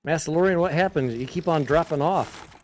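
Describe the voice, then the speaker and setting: A man's voice: fairly high pitch, fairly quick, a little mellow. A man hosting a casual live stream, reading chat aloud in a laid-back, joking way.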